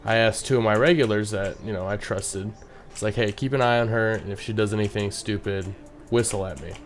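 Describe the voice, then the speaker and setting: A young man with a fairly low voice tells a story in a loose, rambling vlog style and keeps dropping in "you know what I mean" asides. Faint music plays softly behind him. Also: steady tone, fairly quick. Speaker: bartender telling a story.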